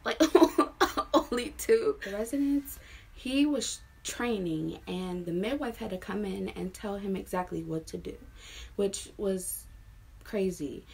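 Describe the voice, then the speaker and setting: Husky, gravelly young woman telling a story. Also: mid-range voice, measured pace, warm tone. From Maryland, USA. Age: 20s. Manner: frank, chatty retelling with many fillers. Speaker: vlogger. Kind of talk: casual storytime.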